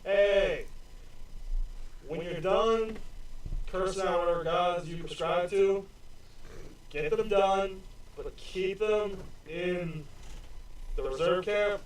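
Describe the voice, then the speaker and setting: A man doing Seth, a brusque guard captain. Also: high-pitched. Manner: brisk, dismissive, businesslike. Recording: roomy, distant mic, faint noise.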